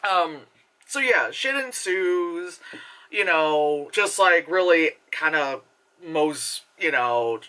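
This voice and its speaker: A young woman talks through a movie review in a loose, chatty ramble, her voice bright and sharp. She piles on filler words, swears without a second thought and laughs often between thoughts. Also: deep voice, lively intonation, takes it slowly.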